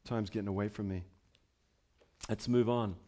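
A middle-aged male pastor preaching a sermon, building to emphatic declarations and dropping to quiet, conversational asides, often repeating himself as he restarts phrases. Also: fairly low pitch, fairly even intonation, normal speed.

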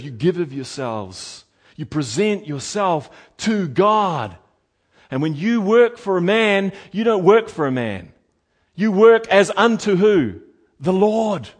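A man preaching a sermon, animated and emphatic, moving between quiet asides and loud, lively passages. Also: high-pitched. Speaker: pastor.

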